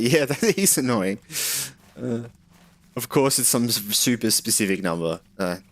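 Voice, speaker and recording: A man's voice: medium pitch, lively intonation, measured pace. A young man chatting casually while streaming a game, rambling and answering chat.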